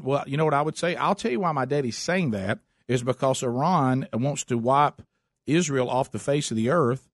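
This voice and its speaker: A man's voice: medium pitch, moderate pace, no room sound, studio quality. A man hosting a political talk show, speaking emphatically and often repeating words as he starts a thought. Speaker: talk radio host.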